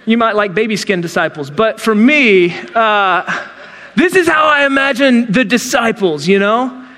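High-voiced preacher in a reverberant hall. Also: male voice, a little slow. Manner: animated storytelling, acts out quotes in character voices. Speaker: pastor. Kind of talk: sermon.

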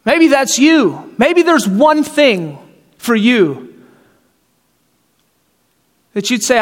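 A pastor draws out his words and leaves long pauses, speaking in a very high, sing-song voice. Conversational in style, his sermon includes rhetorical questions and performed voices of the story's people, recorded with hall reverb.

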